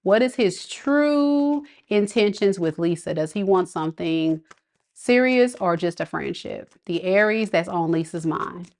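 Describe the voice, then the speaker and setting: A woman's voice: lowish voice, animated, a little slow, darkish tone. A woman with giving a casual, affectionate live tarot reading, chatting with viewers and laughing often. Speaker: tarot reader.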